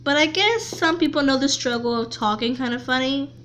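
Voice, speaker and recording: Woman, vlogger, casual chat, halting, repeats words, high voice, bright tone.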